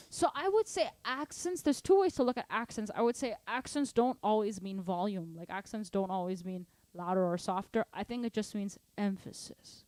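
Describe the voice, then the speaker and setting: A woman's voice: medium pitch, animated, normal speed, few pauses, darkish tone, soft background music. A woman teaching drums in a casual online lesson, chatty and playful, singing patterns aloud. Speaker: drum teacher answering student questions. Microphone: studio microphone at drum kit.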